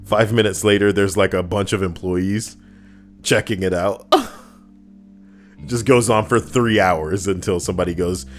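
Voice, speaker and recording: A man's voice: low voice, fairly even intonation, normal speed, long pauses, faint music behind. A man streaming live, chatting casually and joking with viewers, rambling and swearing. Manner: rambling, jokey, swears freely.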